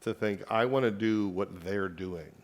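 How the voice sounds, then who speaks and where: A man's voice: on the low side, unhurried. A man interviewing a comedian on stage, mostly brief prompts and questions. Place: live talk event stage.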